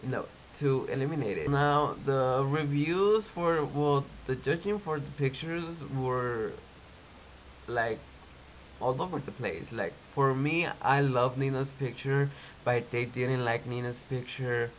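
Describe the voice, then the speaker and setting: A man's voice: medium pitch, slow pace, poor audio. A young man with a stuffy, cold-clogged nose talks through a reality show episode in a loose, chatty way. He fills his talk with "like" and gives his opinions freely, in a mid-range voice with faint noise behind him. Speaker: TV recap vlogger. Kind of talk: casual reality-show recap.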